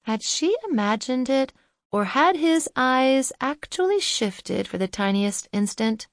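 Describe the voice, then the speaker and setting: A woman narrating a novel in an even, measured storytelling voice. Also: high-pitched, no echo, studio quality. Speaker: audiobook narrator. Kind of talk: scripted narration.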